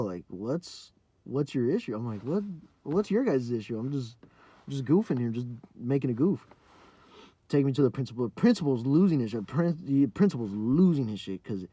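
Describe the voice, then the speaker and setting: A man's voice: mid-range voice, dark tone. A young man hosting a podcast, telling a story in a rambling, profane way full of fillers and restarts. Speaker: podcast host. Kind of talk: casual storytelling.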